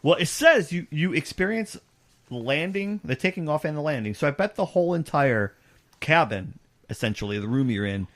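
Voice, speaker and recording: A man's voice: fairly high pitch, expressive, moderate pace, fairly bright tone. A man hosting a casual podcast in a studio, chatting and reacting to the others. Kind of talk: casual chat.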